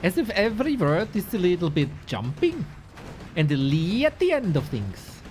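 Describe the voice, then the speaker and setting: A male caster with a slightly high voice calls a strategy game in a loose, bantering way. His pitch jumps around a lot as he jokes with his co-host. Faint music plays underneath. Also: big pitch swings, normal speed, a little mellow. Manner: playful, bantering, laughs often. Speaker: esports caster. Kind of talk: casual game commentary.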